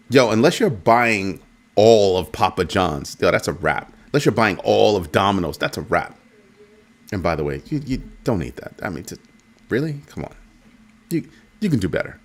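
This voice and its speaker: A man hosting a casual crypto commentary show, animated and jokey, repeating his points. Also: lowish voice, normal speed. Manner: animated, repetitive, jokey asides.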